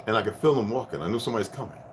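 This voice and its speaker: A man in his fifties giving a rambling spiritual rant to his viewers, profane and preachy, swinging from loud bursts down to hushed tones. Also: on the low side, lively intonation, very fast, slight background noise. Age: 50s. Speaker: vlogger.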